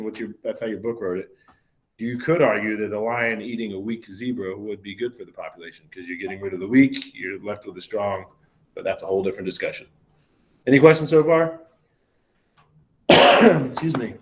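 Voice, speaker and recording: A man, a biology professor giving a recorded university lecture in a conversational way, often asking "right?" and correcting himself mid-sentence. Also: medium pitch. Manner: conversational, many fillers and self-corrections, asks "right?" often.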